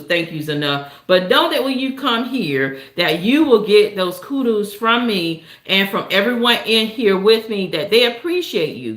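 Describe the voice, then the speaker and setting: Chatting casually with her stream audience, the older storytime host uses a warm, uplifting, sermon-like rhythm full of big pitch swings and repeated "right?" tags. Her voice echoes around the room.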